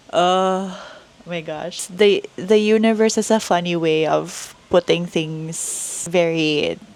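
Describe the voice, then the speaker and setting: A woman's voice: fairly low pitch, slow. A young woman with a Filipino accent, hosting a podcast and telling a personal story in an earnest, emotional, reflective way. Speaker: podcast host.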